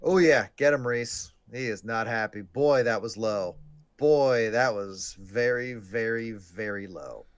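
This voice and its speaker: A man's voice: on the low side, slow, clean tone. A man co-hosting a casual live stream, joking and sarcastic as he talks through a game. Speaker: podcast co-host. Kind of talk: casual live-stream chat about baseball.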